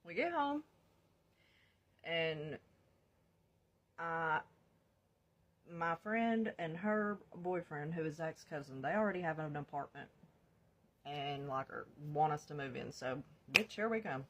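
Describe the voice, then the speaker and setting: A young woman tells her life story straight to camera. Her voice is low-pitched and husky, and her telling is animated and profane, full of laughs and asides to y'all. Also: takes it slowly, long pauses. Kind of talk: casual storytime monologue.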